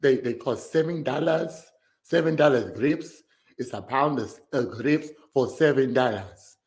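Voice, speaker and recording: A man voicing a soft-spoken, gentle male grape seller who coaxes quietly. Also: medium pitch, unhurried, pitched below the performer's own voice, natural voice. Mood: coaxing.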